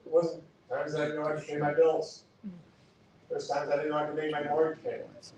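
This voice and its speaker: A man's voice: on the high side, completely flat delivery, moderate pace, a little mellow. Impassioned man giving a stump speech. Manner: impassioned, punchy rhetorical questions. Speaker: political candidate. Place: event hall. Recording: echoey hall recorded from far off.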